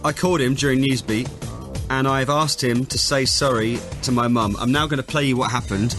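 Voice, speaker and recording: A man's voice: mid-range voice, fairly even intonation, a little fast, music in the background. A male radio host telling a cheeky story in studio chat, with a mock-tough streak. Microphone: studio microphone.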